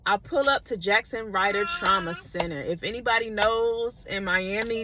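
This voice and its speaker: A woman's voice: mid-range voice, normal speed, hardly any pauses, music in the background. A woman vlogger telling a personal story in a casual, digressive, profane way, often checking in with her listeners.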